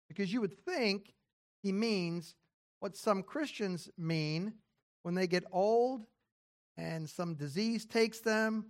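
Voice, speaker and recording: A preacher giving an expository sermon, reading scripture aloud and then explaining it in casual spoken phrasing with rhetorical questions. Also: mid-range voice. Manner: casual spoken phrasing with occasional throat clearing.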